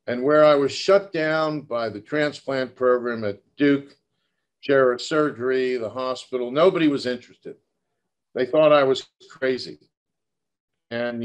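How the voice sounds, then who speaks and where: Man, 60s, surgeon lecturing in a relaxed, storytelling way, talking straight to the audience. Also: medium pitch. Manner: storytelling, direct address to audience members. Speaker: surgeon giving a talk. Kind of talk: conversational lecture.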